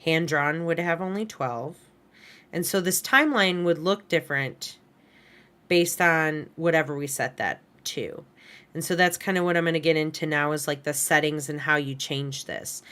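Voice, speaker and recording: An animation instructor records a class lecture as a screen-share lesson at her computer, using a headset or desk mic she adjusts. Her low voice is a little slow, pushed and bright, with a clean tone. She talks casually, corrects herself as she goes, and says "right?" and "kind of" a lot.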